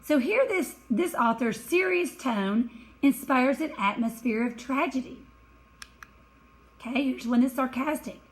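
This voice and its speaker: Woman teacher talking students through slides, slow and careful, fixes her own slips, voice sits kind of high. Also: lively intonation, low-quality recording. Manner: slow, careful explaining with small self-corrections. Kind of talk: recorded classroom lesson over slides.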